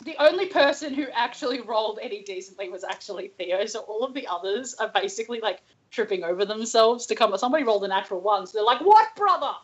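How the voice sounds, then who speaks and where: A woman running a tabletop game as game master, talking casually and slipping into quick voices for side characters. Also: medium pitch. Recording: dull lo-fi sound.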